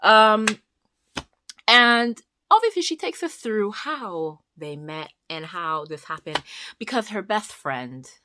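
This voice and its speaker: A woman chatting casually through a book review, animated and talkative, acting out the characters as she retells the plot. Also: mid-range voice, no room sound. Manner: animated, chatty, quick asides and voiced retellings.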